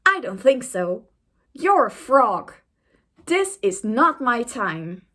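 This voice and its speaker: A woman playing bossy, defiant Cinderella. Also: takes it slowly. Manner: loud and bossy when defiant, higher voice. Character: defiant young princess Cinderella.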